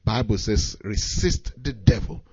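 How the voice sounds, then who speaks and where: A man's voice: on the low side, lively intonation, measured pace, mellow, slightly rough, no echo, muffled recording. A man preaching a sermon, reading scripture and pressing his points with rising emphasis.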